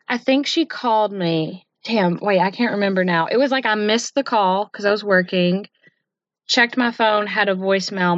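A woman's voice: on the low side, a bit bright, no room sound, lo-fi sound. A woman in her twenties co-hosting a podcast, telling a family story in casual chat, candid and swearing, acting out quotes. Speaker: podcast co-host.

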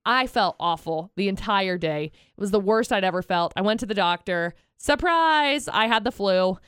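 A young woman co-hosting a radio show, telling stories in an expressive, chatty way. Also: mid-range voice, moderate pace, smooth, no echo, clean studio sound. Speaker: radio co-host. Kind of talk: casual radio banter.

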